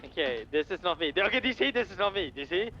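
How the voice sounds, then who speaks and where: A man plays a cop in a role-play game, calling out radio codes and street directions with a dry joke here and there. His high voice moves around lively. The audio sounds a little dull, with loud traffic from the game behind it. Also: fast talker, soft background music. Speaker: police officer player. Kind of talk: police radio call-outs in role-play.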